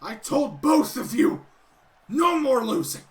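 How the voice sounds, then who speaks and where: A man voicing a furious male wrestling team leader who scolds his men, seething low and then bursting into yells. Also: expressive, moderate pace, heavily acted.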